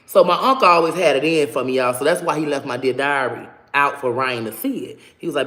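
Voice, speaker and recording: A woman telling a personal story to her viewers in a casual, animated and profane way. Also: extremely low pitch, normal speed. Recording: roomy echo.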